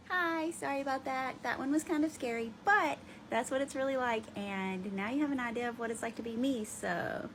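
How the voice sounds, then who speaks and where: A woman telling ghost stories to her viewers in a chatty, animated way. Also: high-pitched, moderate pace, few pauses, background noise. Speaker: ghost story vlogger. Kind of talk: casual storytelling to camera.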